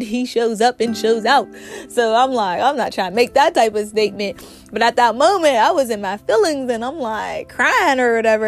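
A woman hosting a faith talk show, sounding a little sick and speaking earnestly and conversationally. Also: on the high side. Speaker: podcast host.

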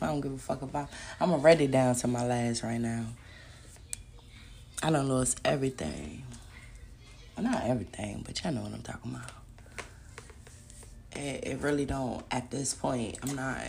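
A woman hosting a podcast, talking in a casual, profane monologue that swings between loud emphatic outbursts and muttered asides. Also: very deep voice, moderate pace, vocal fry, long pauses, a little hiss or hum. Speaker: podcast host.

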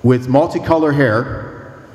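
A man's voice: mid-range voice, slow, darkish tone, roomy sound, long reverb tail. A man who is a priest, delivering a sermon with emphatic, humorous storytelling.

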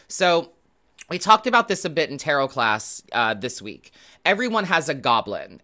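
A man with a somewhat high, very bright voice talks viewers through a tarot reading. He rambles in a loose, chatty way and lets the odd curse slip. His tone is casual and conversational. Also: very animated, moderate pace. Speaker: host and tarot reader.

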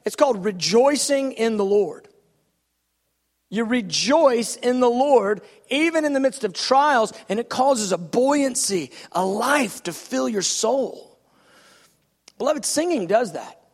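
Emphatic high-voiced male preacher in a hall. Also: lively intonation, takes it slowly. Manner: emphatic preaching with repeated phrases. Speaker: pastor. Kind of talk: sermon. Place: church sanctuary.

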